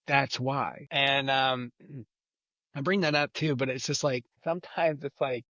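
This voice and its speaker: A man's voice: medium pitch, steady tone, a little slow, a bit bright, dry recording. Rambling man with a dull lo-fi sound. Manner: rambling, leans on repeated filler phrases. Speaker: podcast guest. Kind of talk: casual chat.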